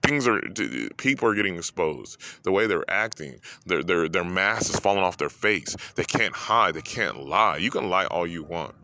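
Deep-voiced man, emotional and rambling. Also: expressive, moderate pace, hardly any pauses, sharp tone, dry recording. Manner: heartfelt, rambling, repeats phrases. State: holding back tears. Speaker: podcast host. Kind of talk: emotional personal monologue.

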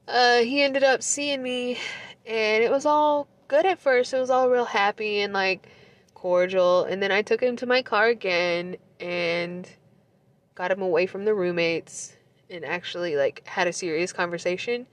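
A woman's voice: mid-range voice, moderate pace, fairly bright tone, no room sound. A young woman telling a breakup story in a casual, profane way, holding back tears and laughing through them. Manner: emotional, swears a lot, laughs through tears. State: close to tears.

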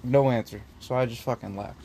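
A man's voice: mid-range voice, steady tone, brisk, dark tone. A young man in casual chat, ranting bluntly and swearing a lot. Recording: faint background noise.

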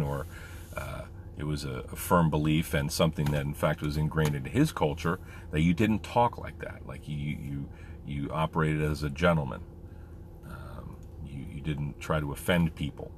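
Very low voiced veteran guy just rambling openly, lots of ums, faint room hiss. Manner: candid, rambling, many fillers. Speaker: military veteran. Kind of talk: casual monologue.

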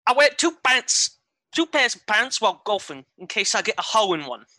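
A man's voice: high-pitched, very animated, brisk, pushed and bright, no echo, clean studio sound, exaggerated voice. A man voicing a jokey Cockney man cracking a pun, in a put-on Cockney accent with a hammy delivery. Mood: playful.

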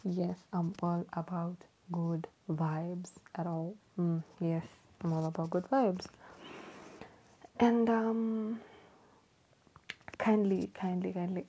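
A woman from Kenya hosting her own podcast at home late at night, chatting casually in a hushed, half-whispered voice, laughing often and repeating words. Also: on the low side, steady tone, slow, long pauses, a little hiss or hum, rough recording. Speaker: podcast host. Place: home at night, people asleep.

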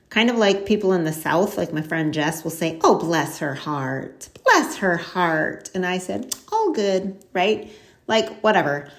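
A woman with a medium-pitched voice hosts a casual solo podcast, candid and chatty with frequent "like" and "um." Her storytelling is animated, full of laughs and quoted asides.

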